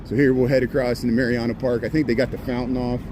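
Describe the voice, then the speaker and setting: Talking fast in a level, mid-range voice, a man walks city streets on a livestreamed tour, rambling casually and adding sarcastic asides. Street noise and passing traffic run through the recording.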